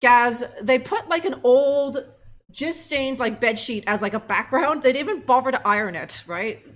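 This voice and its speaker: High-voiced sarcastic woman streamer. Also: moderate pace, a bit bright. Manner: sarcastic, laughing, profane, lots of fillers. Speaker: game streamer. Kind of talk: casual live game commentary.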